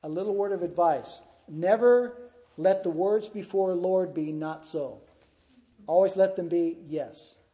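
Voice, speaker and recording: In an expository sermon, a pastor works through a scripture passage, often checking in with his congregation with "huh?" and "right?" His voice is high-pitched and mellow, at a normal speed.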